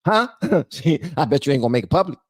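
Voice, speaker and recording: A man hosting a livestream, reacting to clips in casual, animated commentary and often repeating phrases. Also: fairly high pitch, fast talker, dry recording, clean studio sound. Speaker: host.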